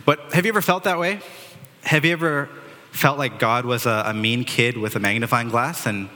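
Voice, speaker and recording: A man's voice: mid-range voice, normal speed, sharp tone. A man preaching a sermon in earnest, quoting figures dramatically, with some restarts. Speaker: pastor. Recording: reverberant hall.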